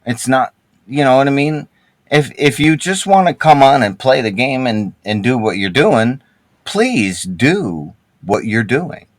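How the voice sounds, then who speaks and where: A man's voice: mid-range voice, expressive, a little slow, dry recording, poor audio. A man in a gaming group voice chat who rambles and restarts a lot and swears heavily as he argues. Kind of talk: heated casual voice-chat argument.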